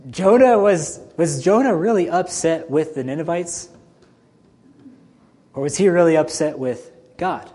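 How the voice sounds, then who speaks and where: A man's voice: fairly high pitch, a little slow, long pauses, warm tone. A man preaching a sermon as a pastor, emphatic and full of rhetorical questions to his listeners.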